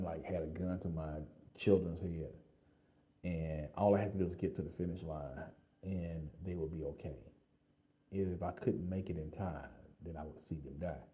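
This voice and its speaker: Deep-voiced man telling an animated story. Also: muffled recording. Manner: animated, laughs often, lots of fillers. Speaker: vlogger telling a personal story. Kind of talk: casual storytelling.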